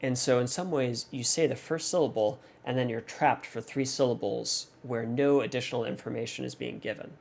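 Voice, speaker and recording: A man's voice: mid-range voice, steady tone, normal speed, vocal fry, few pauses, darkish tone. A man hosting a music reaction channel, analyzing a song in a thoughtful, hesitant way with many fillers and restarts.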